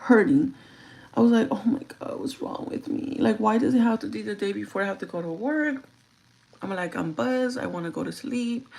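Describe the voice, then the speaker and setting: Brief: young woman, beauty livestreamer, gravelly fry in her voice, casual rambling storyteller who swears freely. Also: mid-range voice, low-quality recording. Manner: chatty, profane, animated retelling. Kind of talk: casual storytelling while doing makeup.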